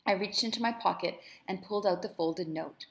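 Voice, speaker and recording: A woman teacher reading a novel aloud with commentary, measured and expressive. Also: on the low side.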